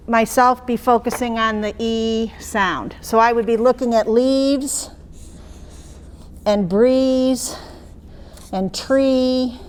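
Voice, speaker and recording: There's a faint hiss or hum behind this fairly high-pitched female voice. She's a teacher trainer describing to teachers how she would mark phonics skills in a lesson, keeping it chatty and checking in with them.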